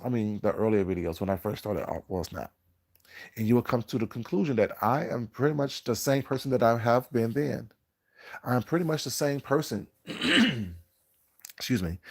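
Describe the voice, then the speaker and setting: A man talks to his live-stream chat in a slightly low voice. He sounds groggy, like it is early morning for him. He lectures in a drawn-out, preachy way and stops to greet viewers in the chat. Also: darkish tone. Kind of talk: casual live-stream commentary.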